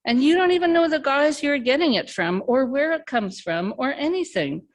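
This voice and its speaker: A woman reading a story aloud, voicing an angry young man who argues, swears and shouts. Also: very high voice, lively intonation, moderate pace, voice pushed up. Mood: heated.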